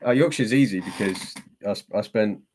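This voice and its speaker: A man with a very low voice hosts a casual live stream and answers questions from the chat. He talks in a chatty, self-deprecating way and breaks into laughter often. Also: fairly quick, darkish tone, a little hiss or hum.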